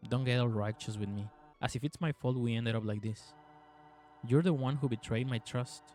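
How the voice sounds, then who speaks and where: A man's voice: mid-range voice, normal speed, lightly acted. A man reading as a cold, controlling mother. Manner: stern, clipped, menacing calm. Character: cold controlling scientist mother, middle-aged woman.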